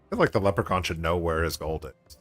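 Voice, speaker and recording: Laid-back low-voiced man streaming. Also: expressive, quick pace, faint music behind. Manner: laid-back, chatty, laughs often. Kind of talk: casual livestream chat.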